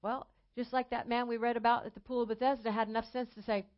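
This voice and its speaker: Brief: woman evangelist, fairly high voice, emphatic sermon, dull lo-fi recording. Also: flat delivery. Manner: emphatic preaching, slowing and rising on key phrases. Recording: dull lo-fi sound.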